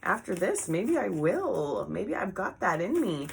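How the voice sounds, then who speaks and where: A woman doing a tarot reading in an emotional spiritual vlog, reading card text slowly and breaking into heartfelt asides. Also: medium pitch, sing-song, gravelly, slight background noise. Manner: murmured affirmations. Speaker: tarot reader.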